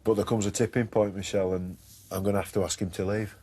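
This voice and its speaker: Husky, firm head teacher. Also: male voice, fairly low pitch, flat delivery, dark tone. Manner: firm, measured. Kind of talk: documentary interview and meeting.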